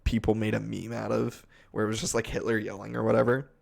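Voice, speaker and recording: A man co-hosting a casual gaming podcast, telling animated stories and laughing often. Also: fairly low pitch, fast talker, vocal fry. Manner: animated storyteller, laughs often, shouts meme quotes. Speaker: podcast co-host.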